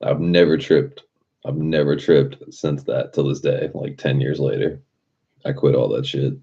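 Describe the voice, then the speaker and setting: A man's voice: extremely low pitch, steady tone, measured pace, gravelly, mellow, breathy edge. A young man chatting casually on a live stream, telling a loose, profane story with frequent chuckles. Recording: dull lo-fi sound with faint music behind.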